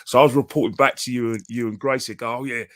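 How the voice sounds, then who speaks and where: A man's voice: mid-range voice, steady tone, quick pace. A man chatting as a guest, rambling and repeating himself, cheeky in tone. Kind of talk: casual chat.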